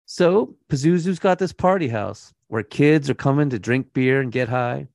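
A man's voice: medium pitch, moderate pace, creaky, a little mellow, no echo, studio quality. A man co-hosting a true crime podcast, telling the story in a laid-back, casual way and laughing now and then. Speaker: podcast co-host.

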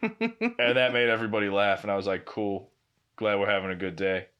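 A man's voice: on the low side, animated, fairly quick, a bit bright, clear, resonant tone. A man co-hosting a podcast, telling a long casual anecdote full of quoted dialogue, swearing, and laughing as he goes. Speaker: podcast co-host. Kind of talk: casual storytelling chat.

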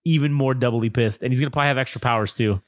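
A man co-hosting a casual film review podcast, recapping the plot in a profane, animated way and acting out characters' lines. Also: mid-range voice, rapid-fire, dry recording. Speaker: podcast co-host.

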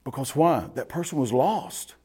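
A man's voice: mid-range voice, normal speed, slightly rough. A man, a pastor teaching through a Bible book and asking the listeners questions. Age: 40s. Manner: animated, asks the listeners questions and repeats "you ready?". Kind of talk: expository Bible teaching sermon.

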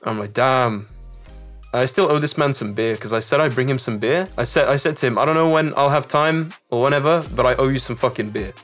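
A young man from the Czech Republic, telling a story in loose, swearing, animated casual chat on a podcast. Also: mid-range voice, fairly quick, soft background music. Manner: swearing, animated storyteller doing character voices.

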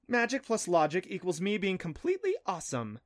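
A man's voice: high voice, animated, a little fast, no echo, clean studio sound, voice pushed up. A man voicing a clever, smug young girl who talks in a bossy, snappish way in a storybook.

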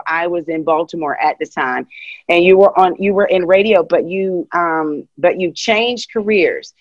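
A woman from Pittsburgh with a Pittsburgh accent, hosting a casual chat and telling stories with animated energy. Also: fairly low pitch, no room sound, highs cut off. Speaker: host.

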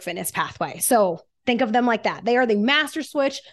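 A woman's voice: a little high, expressive, normal speed, few pauses, a bit bright. A woman guest on a fitness podcast, energetically explaining exercise science with everyday analogies.

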